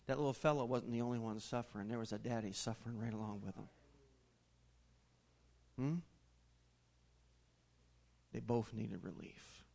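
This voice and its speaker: A man preaching a sermon to his congregation, swinging from loud, passionate rises to quiet asides and putting questions straight to the room. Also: medium pitch, normal speed, gravelly, pauses often. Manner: animated preaching with sudden loud rises and soft drops; asks the congregation questions directly. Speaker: pastor.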